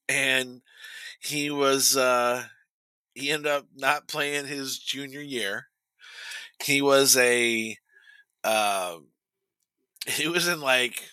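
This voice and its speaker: Bright, dry-voiced man telling a story. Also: mid-range voice, no echo, rough recording. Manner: laughs through his own stories, rambling restarts. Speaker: podcast co-host. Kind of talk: casual chat, storytelling.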